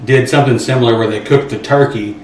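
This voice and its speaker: A man's voice: medium pitch, fairly even intonation, fast, a little hiss or hum. A man joking around in a casual chat, laid-back. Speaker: show regular. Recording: echoey room, distant mic.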